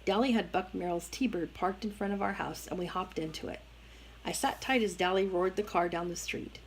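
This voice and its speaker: A woman reading a novel aloud in a steady, even narration. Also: fairly low pitch, normal speed, slight background noise, rough recording. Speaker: reader.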